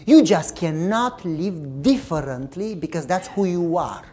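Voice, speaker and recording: A woman preacher giving a sermon with personal stories and an animated way of telling them. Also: lowish voice, unhurried. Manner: animated storytelling, swings from loud to soft.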